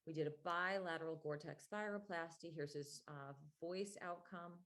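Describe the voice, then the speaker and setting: A woman's voice: lowish voice, moderate pace, fairly bright tone. A woman laryngologist giving a medical grand rounds lecture, explaining things step by step with frequent fillers.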